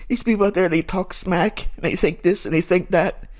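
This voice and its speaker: A man with a fairly high voice delivers a fervent, preachy monologue to his viewers. He talks like a trading channel host who is defiant and wholly sure of his calling. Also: fast talker, darkish tone.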